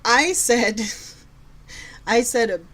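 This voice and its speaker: A woman's voice: medium pitch, animated, normal speed. A woman in her thirties co-hosting a podcast, talking casually and sarcastically about raising her kids, often laughing as she tells stories. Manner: sarcastic, chatty, laughs while telling stories. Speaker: podcast co-host. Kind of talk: casual chat.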